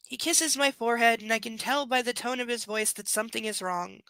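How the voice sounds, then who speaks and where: A woman's voice: a little high, brisk, hardly any pauses, fairly bright tone, no echo. A young woman reading a romance novel aloud live, breaking off for sarcastic, profane commentary. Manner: snarky, profane commentary between passages. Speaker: book reader.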